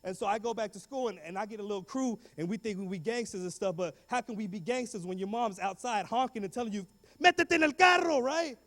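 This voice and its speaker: A man speaking as a guest speaker, telling his story in an animated, slangy way and acting out the voices of people in it. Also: high-pitched, fast, few pauses. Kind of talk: motivational school talk. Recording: long reverb of a big hall.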